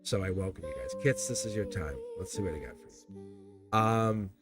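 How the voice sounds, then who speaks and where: A man's voice: sits low, moderate pace. A man giving a live-stream tarot reading in a chatty, teasing way, often laughing. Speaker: tarot reader. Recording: music playing behind the voice. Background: background music.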